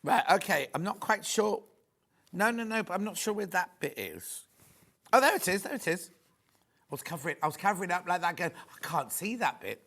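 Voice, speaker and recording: Gushing, lively man in a TV studio. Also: high voice, a little fast, gravelly. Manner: chatty, rambling, gushing asides. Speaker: shopping channel presenter. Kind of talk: live sales demo chat.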